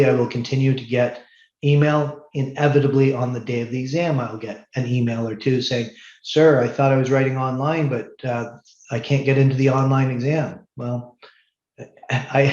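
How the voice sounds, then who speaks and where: A man's voice: mid-range voice, a little mellow. Middle-aged male lecturer, blunt and firm during office hours, in a roomy, slightly muffled recording. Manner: blunt and firm, many ums and restarts. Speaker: university course instructor. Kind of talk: online office hours talk to students. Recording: roomy, slightly dull sound.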